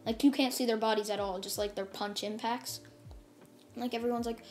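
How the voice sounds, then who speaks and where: A woman's voice: a little high, steady tone, brisk, darkish tone. Rambling woman retelling a fan story. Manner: rambling, full of "like" and "and stuff". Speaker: channel host. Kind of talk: casual fan-story narration. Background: faint music.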